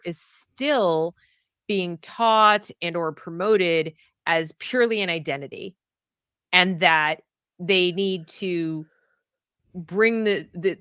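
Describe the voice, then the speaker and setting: A woman giving video commentary on a clip, talking with halting restarts and sudden emphasis. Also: lowish voice, fairly bright tone, dry recording, clean studio sound. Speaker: online commentator.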